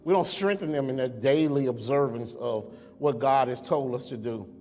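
Speaking in a mid-range, somewhat dark voice at a normal pace, this pastor preaches to people watching online. His delivery is chatty and full of rhetorical questions. The long echo of the church sanctuary carries every word.

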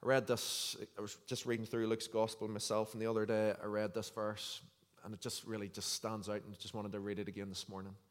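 A man's voice: fairly low pitch, level tone, a little fast. A man preaching a sermon in an earnest, conversational way, reading scripture aloud. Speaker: pastor. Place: church hall. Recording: long hall reverb.

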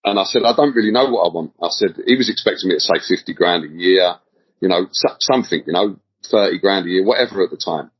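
Husky low-voiced man rambling. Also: fast. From England. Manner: rambling, repeats words, slangy. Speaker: podcast guest. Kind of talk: casual storytelling interview. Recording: dull lo-fi audio.

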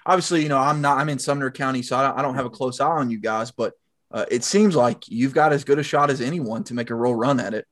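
A Southern man co-hosting a sports podcast, talking in an easygoing, chatty way. His voice sits at an everyday middle pitch. It is recorded close and dry, with no room sound. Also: quick pace, fairly bright tone, no echo. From Tennessee. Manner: chatty, self-deprecating, stumbles over words. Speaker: podcast co-host. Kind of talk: casual sports chat.

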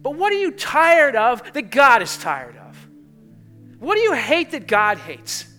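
A male pastor preaching a sermon to a congregation, swinging between fervent exclamations and hushed passages, with jokey asides. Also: very high-pitched, huge pitch swings, a little slow, faint music behind.

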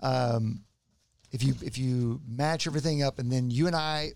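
Man, podcast co-host, earnest explaining, dry close sound, mid-pitched voice. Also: moderate pace, a little mellow, no room sound. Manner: earnest, explanatory, with frequent restarts. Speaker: podcast co-host, medical practitioner. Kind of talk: casual podcast chat.

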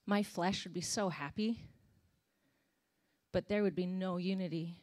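A woman's voice: fairly low pitch, steady tone, a little slow, a little mellow. A young woman, a worship leader, preaching a candid, conversational sermon with sighs and emotional moments.

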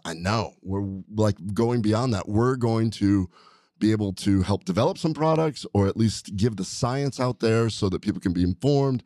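A man's voice: lowish voice, normal speed, dark tone, dry recording. A man hosting a podcast, talking in an enthusiastic, rambling way with frequent restarts, in a studio. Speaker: podcast host, doctor. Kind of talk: casual podcast chat.

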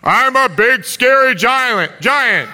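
A man acting out a boastful big scary giant, shouting and drawing out his words in a church play. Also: animated, big-room sound, very noisy, heavily acted. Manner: shouted, drawn-out, booming delivery.

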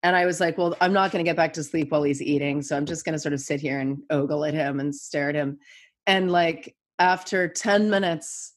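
Lowish-voiced woman telling animated stories. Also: fairly quick. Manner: animated storyteller, acts out quotes. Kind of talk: casual chat.

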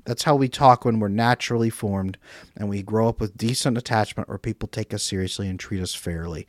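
A man who is a relationship coach, giving animated interview answers and acting out example dialogues. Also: lowish voice, moderate pace, dry recording, studio quality. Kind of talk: casual interview talk.

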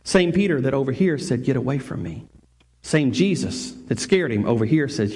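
Pastor guy with a high voice, preaching, keeps restarting and repeating himself. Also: very animated, moderate pace, darkish tone, breathy edge. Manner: earnest, repeats phrases and restarts, rising and falling emphasis. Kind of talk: sermon.

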